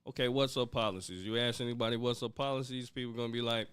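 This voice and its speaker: A man's voice: medium pitch, steady tone, quick pace, fairly bright tone, smooth, no room sound. A man in a casual podcast discussion who talks bluntly and offhandedly, dropping in mock quotes.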